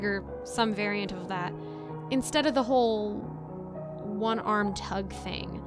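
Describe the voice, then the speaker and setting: A woman narrating a first-person story in a casual, chatty way, rambling into asides. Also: a little high. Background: soft background music.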